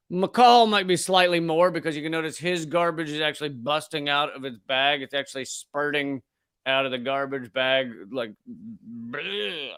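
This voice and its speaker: Profane, sarcastic comedian ranting. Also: male voice, fairly high pitch, fairly bright tone, clean tone, no echo, studio quality. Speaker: comedian host. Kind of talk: ranting political commentary.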